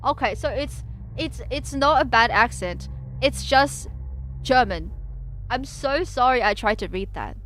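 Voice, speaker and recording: A young woman with a fairly high voice chats on a livestream, rambling and giggling as she reads. She stumbles over words and fills gaps with "um" and "like." A faint hiss sits under her voice. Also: animated, unhurried, fairly bright tone. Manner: rambling, giggly, lots of fillers and restarts. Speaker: VTuber streamer. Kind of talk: casual livestream chat and reading.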